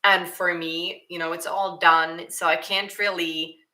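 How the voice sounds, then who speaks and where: This woman talks a little slowly in a fairly low voice with flat delivery and a sharp tone. She's a Swedish streamer, first language Swedish, doing a casual livestream Q&A where she reads out viewer questions and often restarts her sentences.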